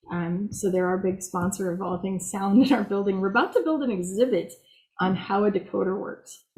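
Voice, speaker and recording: A woman's voice: medium pitch, a little mellow, poor audio. A woman who directs a museum, talking casually to a hobby club meeting, chatty and self-mocking with frequent laughs.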